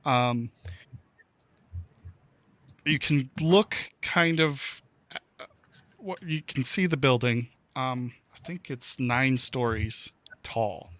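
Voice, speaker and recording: Slow, halting male game master. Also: medium pitch, fairly bright tone, dry recording. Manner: hesitant, many fillers. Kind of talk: narrating a tabletop game.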